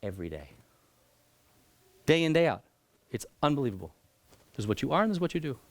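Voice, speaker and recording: Animated man telling a teaching story. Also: medium pitch, fairly quick, no room sound. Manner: animated, acts out voices and jumps between loud and hushed. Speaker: rabbi teaching an adult class. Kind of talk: lively storytelling lecture.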